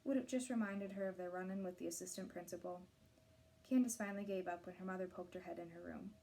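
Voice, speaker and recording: Woman reading a novel chapter aloud, mellow voice, steady and clear. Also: fairly low pitch, fast. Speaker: reader of a novel.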